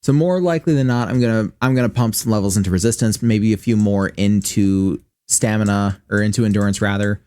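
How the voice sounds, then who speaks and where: A man's voice: lowish voice, brisk, hardly any pauses, darkish tone, no room sound. A man from Michigan with a Midwestern American accent, chatting casually and rambling with frequent swearing while streaming a game. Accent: general American Midwestern. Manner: rambling, profane, thinking aloud. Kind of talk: casual gaming stream commentary.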